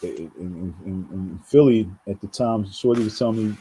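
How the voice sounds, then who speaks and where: A man's voice: on the low side, normal speed, dark tone, slight background noise, poor audio. A man from New York talking straight to his viewers in a rambling commentary, often repeating words and calling them folks. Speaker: vlogger. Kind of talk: casual commentary monologue.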